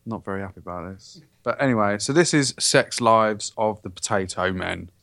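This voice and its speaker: An English man co-hosting a podcast, telling stories bluntly and swearing casually in relaxed banter. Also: fairly low pitch, normal speed, gravelly, no room sound, studio quality. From England. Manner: blunt, swears casually, laid-back storytelling. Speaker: podcast co-host.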